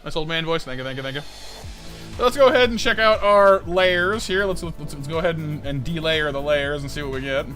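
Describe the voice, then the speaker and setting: A man in his thirties talks casually as he draws on a live stream. His voice sits fairly high, and he rambles, repeating and restarting words. Faint music plays in the background. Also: fairly quick, a bit bright. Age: 30s. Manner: rambling, stammering, with lots of fillers. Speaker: art streamer.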